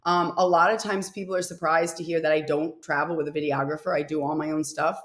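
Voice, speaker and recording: A woman's voice: low voice, steady tone, fast talker, fairly bright tone. A woman from Rhode Island, a travel and food influencer, chatting casually in an interview and laughing often. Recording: echoey room.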